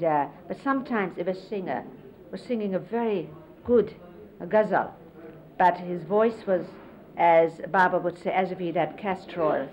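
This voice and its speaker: A middle-aged woman casually reminiscing, explaining hand gestures in an unhurried, conversational way and often quoting others. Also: on the low side. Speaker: interviewee recalling life with a spiritual teacher. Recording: lo-fi 1970s videotape, faint hiss.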